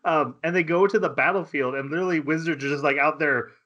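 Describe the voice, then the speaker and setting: Bright-voiced man retelling anime scenes. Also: fairly high pitch, highs cut off. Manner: animated retelling with quick voiced asides and laughs. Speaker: podcast co-host. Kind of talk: casual anime podcast chat.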